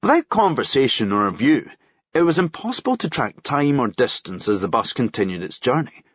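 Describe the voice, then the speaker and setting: A man reading a novel aloud in a wry, measured narration. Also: mid-range voice, very animated, breathy edge, no room sound. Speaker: audiobook reader. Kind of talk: audiobook narration. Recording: dry, muffled lo-fi recording.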